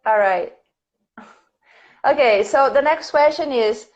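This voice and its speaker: A woman teaching a live online English lesson, patiently repeating each question slowly for her learners, a native Portuguese speaker. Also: on the high side, lively intonation. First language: Brazilian Portuguese. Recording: dull lo-fi stream audio.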